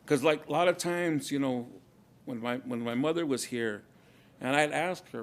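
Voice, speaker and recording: A man speaking at a conference in a reflective, halting way, often repeating words and using many fillers. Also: medium pitch, vocal fry. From Kumeyaay community, Southern California. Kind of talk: casual, reflective talk.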